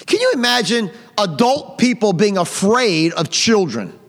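High-voiced fiery preacher man in a reverberant hall. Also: big pitch swings, measured pace, hardly any pauses, a bit bright. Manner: blunt, scolding, rhetorical questions. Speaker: pastor. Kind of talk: fiery sermon.

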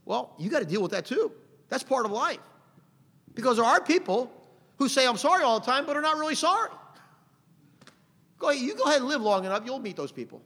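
A middle-aged man preaching a sermon in a conversational way, punching out phrases loudly and adding "amen". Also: very high-pitched, sing-song, fast talker, pauses often. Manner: conversational preaching with sudden loud emphatic phrases and frequent "amen". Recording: long hall reverb.

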